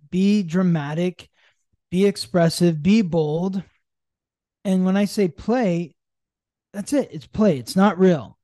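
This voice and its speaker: A man with a mellow, warm voice, recorded dry and close. He explains astrology in a loose, chatty way, full of fillers and restarts. Now and then he acts out quoted lines with sudden jumps in pitch. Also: no room sound. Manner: rambling, many fillers and restarts. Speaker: astrology podcast co-host. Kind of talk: casual conversational explanation.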